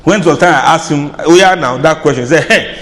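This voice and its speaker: Guy preaching casually, laughs a lot, voice a bit high, long hall echo. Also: fast talker. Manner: chatty, laughs often, mimics reactions with soft sighs. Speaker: Islamic lecturer. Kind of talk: informal sermon.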